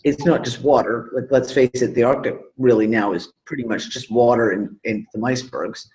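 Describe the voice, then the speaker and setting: A man's voice: mid-range voice, steady tone, moderate pace, a little mellow. A man co-hosting a live online talk show, casual and loose, trailing off mid-thought and swearing freely. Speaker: podcast co-host. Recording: dull lo-fi call audio.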